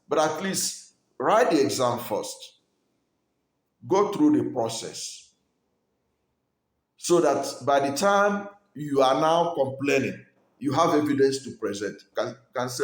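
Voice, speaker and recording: An earnest man from Nigeria delivers political commentary in a mid-pitched voice. He argues his point steadily, often pausing on fillers and restarting phrases, and the recording sits in a noticeably echoey room.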